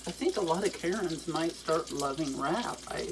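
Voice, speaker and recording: An older woman talks while she cooks in her home kitchen. Her voice sits low but swoops up and down a lot as she rambles and swears without holding back. A pan sizzles faintly underneath. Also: expressive, normal speed, slight background noise, poor audio. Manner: profane, candid, rambling. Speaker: cooking vlogger. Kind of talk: casual rambling monologue while cooking. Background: sizzling frying pan.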